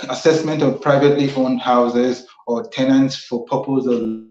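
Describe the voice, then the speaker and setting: A man's voice: medium pitch, fairly even intonation, normal speed. A Nigerian man hosting a civic talk show, earnestly explaining the constitution and repeating phrases for emphasis. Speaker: host. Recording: roomy, slightly dull sound.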